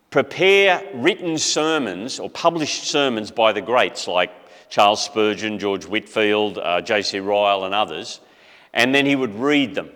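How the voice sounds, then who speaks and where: A man's voice: mid-range voice, a bit bright, long reverb tail. A middle-aged man, telling a story in a casual, conversational talk full of asides. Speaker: speaker.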